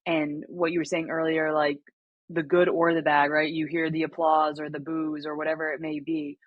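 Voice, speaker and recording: Young woman guest, husky and dry, candid and earnest, dull lo-fi sound. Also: low-pitched, flat delivery, moderate pace, no echo. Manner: earnest, reenacts conversations with many fillers. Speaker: podcast guest, former college basketball player. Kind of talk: candid interview talk.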